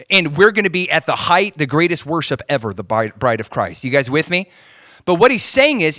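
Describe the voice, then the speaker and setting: A man preaching a sermon, moving between hushed asides and emphatic points and often checking in with the congregation. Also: on the high side, no room sound, studio quality. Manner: asks the crowd for agreement often. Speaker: pastor.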